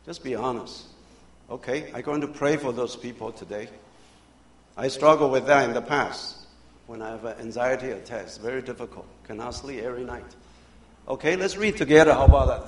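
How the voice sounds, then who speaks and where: A man preaching a sermon as a pastor, in non-native English grammar, moving from quiet prayer to loud emphatic bursts. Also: mid-range voice, fairly quick. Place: church sanctuary. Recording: echoey church room.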